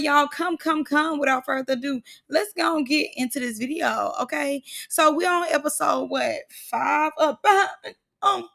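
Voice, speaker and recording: A young woman talks through a reality show in a sassy, slang-filled way, animated and full of asides. Her voice sits high and bright, with a gravelly fry running through it. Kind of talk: casual reaction commentary.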